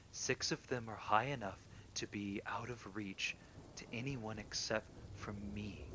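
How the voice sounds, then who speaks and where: A man calmly reading true horror stories aloud, sometimes dropping to a hushed near-whisper. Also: a little hiss or hum. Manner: calm, low-key reading that drops into hushed near-whispers. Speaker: horror story reader.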